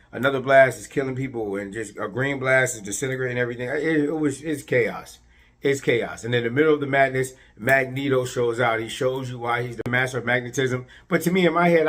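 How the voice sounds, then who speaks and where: A man recapping a superhero episode in a casual, animated way, repeating words and filling gaps with fillers. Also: mid-range voice. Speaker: show reviewer.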